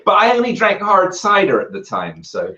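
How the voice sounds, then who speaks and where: A man with a British accent, a guest telling lively anecdotes and acting out other people's shouted lines. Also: sits high, moderate pace. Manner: lively, acts out quoted voices loudly. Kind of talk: anecdotal storytelling in a conversation. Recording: roomy and muffled.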